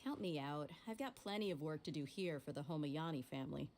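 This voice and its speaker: A blunt low-voiced mercenary. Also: female voice, animated, a little mellow, a little hiss or hum. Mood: matter-of-fact. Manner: direct, brisk, wry.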